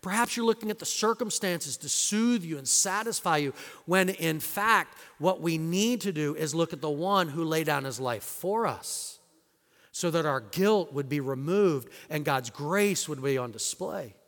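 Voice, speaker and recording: A man's voice: fairly high pitch, expressive, a little slow, fairly bright tone. A male pastor preaching a sermon in a conversational way and asking the congregation rhetorical questions. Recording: long hall reverb.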